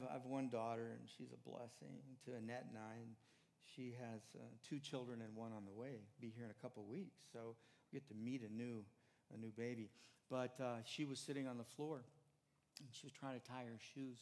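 An older man preaches in a relaxed, conversational way, now pressing a point hard, now dropping almost to a murmur. His mid-pitched voice trails off into a long church reverb. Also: fairly quick, vocal fry. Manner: conversational preaching, rising to emphatic then dropping soft. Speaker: pastor. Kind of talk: sermon. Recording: hall reverb.

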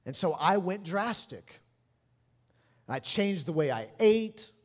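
A middle-aged man preaching a sermon as pastor, animated and expressive, lively in his delivery. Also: high-pitched, slow pace. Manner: animated preaching, lively mimicry of scolding parents. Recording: long hall reverb.

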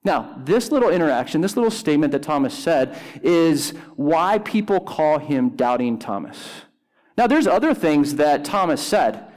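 A man with a slightly high voice preaches in a relaxed, conversational way. He speaks casually and with energy, dropping in everyday slang. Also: normal speed. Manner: casual, animated preaching with frequent "like" and "dude". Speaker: pastor. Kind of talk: conversational sermon.

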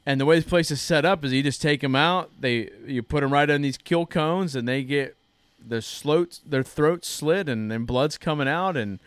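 With a clear, resonant voice on the high side, this man in his thirties tells a story on his church podcast at normal speed and with few pauses. The chat is casual and earnest, the recording dry, and he restarts often.

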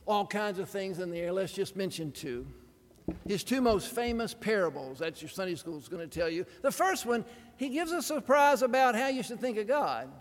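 A man preaching a sermon in an animated, dramatic way, with wry humorous asides. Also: high voice. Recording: long reverb of a large hall.

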